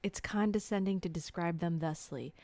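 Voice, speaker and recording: A woman co-hosting a casual podcast chat, chatty and quick to laugh, telling animated anecdotes. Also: on the low side, no room sound. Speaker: podcast co-host.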